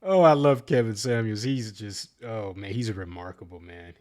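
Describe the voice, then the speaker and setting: A man with a lowish voice talks through a reaction video in a loose, casual way. He stops often with ums and uhs and restarts his sentences. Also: darkish tone. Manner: halting, many ums and uhs. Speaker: reaction channel host.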